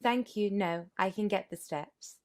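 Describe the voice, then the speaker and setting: A woman voicing a shy young governess who is guarded and sly, speaking hesitantly and softly. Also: mid-range voice, unhurried, close to an everyday voice. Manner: hesitant and soft.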